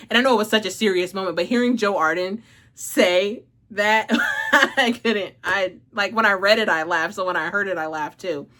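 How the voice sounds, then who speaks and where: This channel host reviews books in a relaxed vlog, her medium-pitched voice carrying a slight brightness. She's effusive and emotional, full of "like," curse words, and laughter, and seems a touch breathless.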